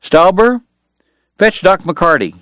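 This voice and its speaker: Easygoing younger brother lawman , read by a male narrator, teasing and brisk, dry close sound. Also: a little high, big pitch swings, dry recording, pitched above the performer's own voice. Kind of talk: audiobook character voice.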